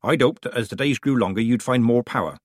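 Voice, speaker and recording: A man voicing a blunt, sharp-tongued elderly witch in an audiobook, speaking in clipped, matter-of-fact lines. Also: medium pitch, quick pace, no echo, clean studio sound, close to an everyday voice. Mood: stern. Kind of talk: audiobook character reading.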